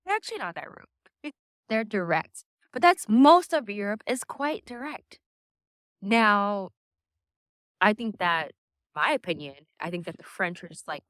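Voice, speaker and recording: A woman's voice: mid-range voice, a bit bright, no echo, clean studio sound. Chatty woman vlogging to camera. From United States. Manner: chatty, laughs often, repeats and restarts phrases. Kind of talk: casual talk to camera. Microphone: camera on a stand.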